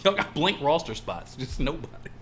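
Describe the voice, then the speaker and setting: A man's voice: on the high side, very animated, normal speed, soft background music. A man co-hosting a casual podcast, ranting emotionally and swearing a lot. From California. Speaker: podcast co-host. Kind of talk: casual chat.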